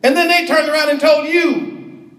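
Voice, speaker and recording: A man preaching a sermon, reading verses and calling out to his congregation in an emphatic, drawn-out way. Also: very high voice, fairly even intonation, a bit bright.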